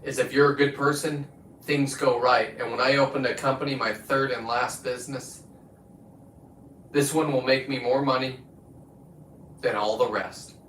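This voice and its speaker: A man's voice: mid-range voice, steady tone, normal speed, pauses often, a bit bright, a little hiss or hum. A man hosting his own livestream, ranting in a profane, combative, preachy way into a phone. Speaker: livestream host. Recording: echoey room, distant from the mic.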